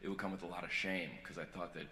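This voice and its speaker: A man performing a stand-up comedy set live on stage, moving between quiet earnest confession and loud joking banter with the crowd. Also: sits low, steady tone, fast talker. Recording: echoey venue with loud audience ambience.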